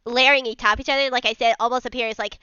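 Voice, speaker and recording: A woman player in a tabletop game, talking casually and hedging with "like" as she describes her character's moves. Her voice is bright and clear, and her delivery is slow. The audio is dry and a bit dull, as over an online call. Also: a little high, fairly even intonation, no room sound.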